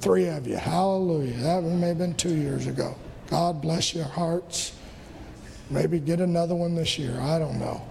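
A pastor preaches a fervent sermon in a church sanctuary, repeating phrases and slipping into bits of hymns. His voice is fairly high, at a normal pace, with vocal fry, a slightly mellow quality and a little hiss or hum. Long church reverb and faint music fill the recording.

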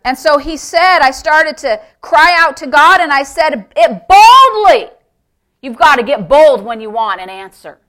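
Woman pastor, middle-aged, high bright voice, emphatic sermon delivery that drops to a hush. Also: moderate pace, few pauses. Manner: emphatic preaching that swings from loud exclamations to hushed near-whispers.

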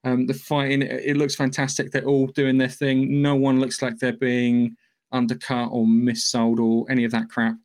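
A man's voice: mid-range voice, completely flat delivery, moderate pace. A man hosting a podcast, giving a loose, profane, rambling recap of a film's plot in casual chat. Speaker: podcast host.

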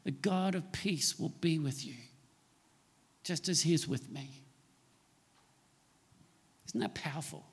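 A man preaching a sermon in a fairly high voice, leaning hard into his key points as his tone rises. The sound carries a long reverb of a church hall. His delivery is emphatic and earnest. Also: takes it slowly, gravelly, pauses often, breathy edge. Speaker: pastor.

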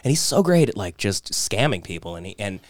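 A man spinning stories in a relaxed podcast chat, his pitch swinging widely as he acts out the people he talks about. The sound is close and dry, with no room around it. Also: brisk, dry recording. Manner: animated, acts out quoted voices. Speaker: podcast guest. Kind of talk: casual storytelling chat.

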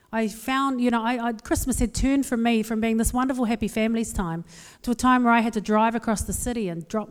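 A New Zealand woman speaking on stage, her fairly high voice ringing out with a long hall echo. She tells her stories candidly and pokes fun at herself. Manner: candid, self-deprecating, lively storytelling. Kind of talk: humorous personal talk to a live audience.

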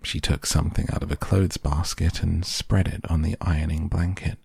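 Very deep, husky storybook narrator. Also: male voice, steady tone, moderate pace, a little mellow, dry recording, studio quality. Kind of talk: storybook reading.

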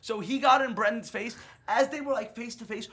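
A young man telling a rowdy story to friends in a casual, animated way, quoting people as he goes. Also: very high voice, fairly quick, husky. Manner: animated, swearing, quotes friends in bursts.

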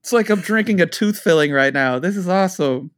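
Brief: male podcast co-host, slightly higher pitch, very animated delivery, rambling profane anecdotes. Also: fairly quick. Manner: rambling, profane storytelling with voiced asides. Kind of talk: casual podcast chat.

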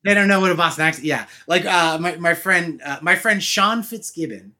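A man from Massachusetts, an actor, telling animated stories in a casual podcast chat and laughing often. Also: on the high side, normal speed.

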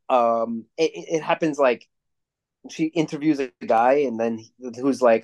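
Young guy on a podcast, rambly and sweary, mid-pitched voice, chatty movie rant. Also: moderate pace. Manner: rambling, profane, animated storytelling. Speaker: podcast co-host. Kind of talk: casual chat.

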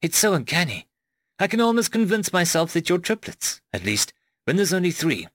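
A man voicing a concerned, caring young woman in an audiobook, speaking higher than his own voice with anxious, insistent questions. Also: very animated, moderate pace, a bit bright, dry recording, studio quality, heavily acted. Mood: curious.

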